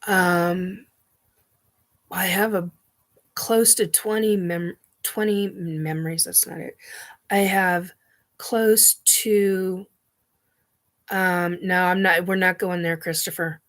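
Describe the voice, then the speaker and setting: A woman hosting her own show, talking in a halting, earnest way as she searches for words. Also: on the low side, fairly even intonation, a bit bright. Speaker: show host. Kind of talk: personal monologue.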